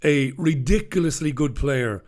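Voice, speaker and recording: A man's voice: on the high side, unhurried, a little mellow. A middle-aged man hosting a casual live stream from a home studio, chatty and self-mocking. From Ireland. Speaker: host.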